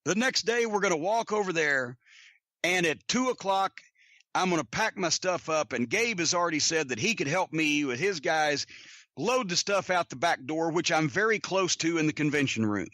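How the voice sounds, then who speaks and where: A man with a high, bright voice tells long, rambling stories packed with swearing. He sounds close and dry, with no room around him, in a loose, casual podcast delivery. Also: animated, normal speed, dry recording. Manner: profane, rambling anecdotes. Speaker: podcast host. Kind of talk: casual storytelling.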